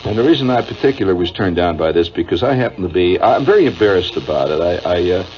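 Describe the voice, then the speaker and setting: Through the faint hiss of a dull, lo-fi old radio broadcast comes a middle-aged Midwestern American man with a deep voice, speaking expressively and quickly. As a radio host, he spins a wry monologue that wanders off on tangents, with chuckles and plenty of uhs.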